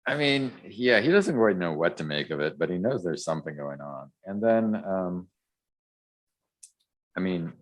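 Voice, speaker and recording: A man's voice: deep voice, expressive, unhurried. A man co-hosting a podcast, chatting casually through a comic recap with lots of ums and restarts. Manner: rambling, many ums and restarts. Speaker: podcast co-host. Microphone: podcast microphone.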